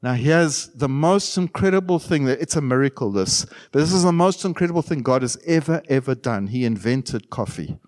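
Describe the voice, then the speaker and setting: A middle-aged man preaching a sermon as pastor, animated, with sudden loud bursts and quiet asides. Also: mid-range voice, moderate pace, few pauses.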